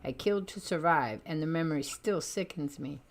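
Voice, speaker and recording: A woman voicing a gentle, troubled male telepath in a comic reading, soft and earnest. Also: deep voice, moderate pace. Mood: pained.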